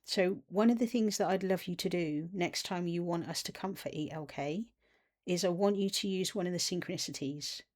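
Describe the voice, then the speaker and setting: A woman's voice: on the low side, a little mellow, natural voice. Woman speaking as a tender parent figure. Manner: tender, soothing, slow reassurance. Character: gentle loving parent voice, calling itself Daddy.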